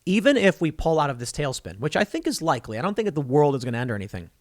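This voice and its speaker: A man's voice: fairly high pitch, very fast, no room sound, clean studio sound. A man in his thirties hosting an opinionated, rambling political commentary monologue in a casual tone. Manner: opinionated, rambling, animated with mocking asides.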